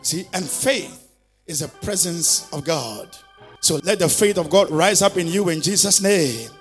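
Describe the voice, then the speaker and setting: A man's voice: on the high side, expressive, unhurried, faint music behind. A male pastor preaching a fervent sermon, calling on listeners to repeat declarations after him.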